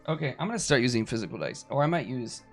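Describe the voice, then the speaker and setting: A man running a tabletop game, walking the players through rules and the story in a relaxed, casual way. His pitch rises and falls a lot as he talks, and soft music plays underneath. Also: fast. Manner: casual, explanatory, animated. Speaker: game master.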